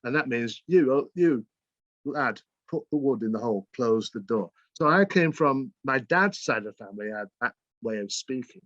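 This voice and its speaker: A man's voice: mid-range voice, expressive, normal speed, a bit bright, no room sound, highs cut off. A man from England with a mixed Salford and Bolton accent, a guest author telling stories in an interview. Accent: northern English, Salford and Bolton mix. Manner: storytelling, imitates dialect phrases. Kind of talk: interview conversation.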